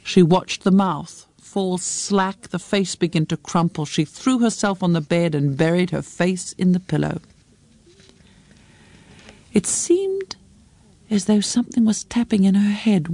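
A woman narrating a story in a measured, close storytelling read. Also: on the low side, dark tone, no echo. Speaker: audiobook narrator. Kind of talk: scripted narration.

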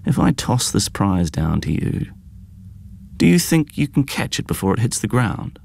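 A man voicing a brash young show-off who teases his younger brother in a hoarse, croaking, theatrical way. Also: fairly low pitch, sing-song, moderate pace, a little mellow, no room sound, voice pushed up, exaggerated voice. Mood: mocking. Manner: mocking, theatrical, crowing.

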